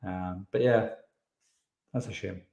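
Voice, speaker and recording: A man's voice: low-pitched, fairly even intonation, slow pace, mellow, highs cut off. A man hosting a live stream, casually reading out and answering viewer comments with a rambling, chatty manner. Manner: chatty, rambling, frequent fillers. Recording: roomy echo.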